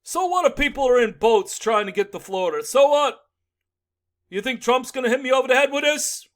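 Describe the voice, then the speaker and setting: A man's voice: very high voice, expressive, brisk, a bit bright, voice pushed up. A man doing a mocking impression of an older male politician, gushing and dismissive.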